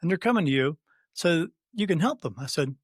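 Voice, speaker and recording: A man in his fifties, a podcast guest, telling a long personal story in casual conversation, halting with many fillers and restarts and quoting what others said. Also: on the high side, expressive, husky, no echo. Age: 50s. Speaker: podcast guest, spirit medium.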